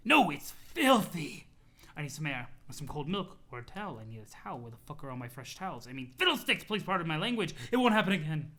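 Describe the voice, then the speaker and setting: A man's voice: fairly high pitch, big pitch swings, fast talker, sharp tone, full character voice. A man voicing a snobbish, strong young male troll aristocrat who speaks formally and gets easily flustered.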